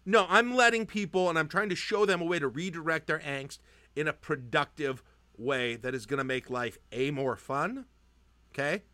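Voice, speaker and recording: A man's voice: on the high side, moderate pace, bright, forceful tone, no echo. A man co-hosting a casual sports podcast, teasing his partner and making his case like a mock-preacher. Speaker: podcast co-host.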